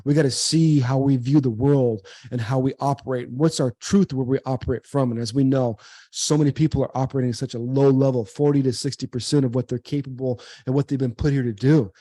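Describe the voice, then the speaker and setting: A man's voice: medium pitch, fairly even intonation, a little fast, mellow, dry recording. A man in his forties, a former pro athlete, earnestly telling a personal story in an interview, repeating words as he goes. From United States. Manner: earnest, repeats words, acts out quoted dialogue. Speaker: guest, former pro baseball player and speaker.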